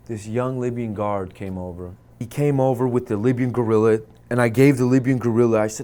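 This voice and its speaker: A man from the United States telling a personal story to camera, acting out what people said and dropping into a hushed voice for tense moments, with Arabic phrases mixed in. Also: medium pitch, moderate pace. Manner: dramatic retelling, acts out quoted lines and drops to hushed tones.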